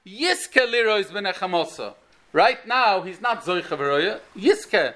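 Bright, high-voiced man giving a Torah talk. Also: slow. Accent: Orthodox Jewish English with Yiddish and Hebrew words. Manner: storytelling, animated, rising to emphatic peaks. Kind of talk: Torah lecture.

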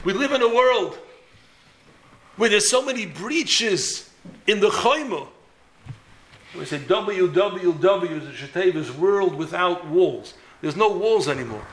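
A man's voice: high voice, fairly bright tone. A man giving an impassioned sermon as a rabbi, building to emphatic peaks. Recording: roomy echo.

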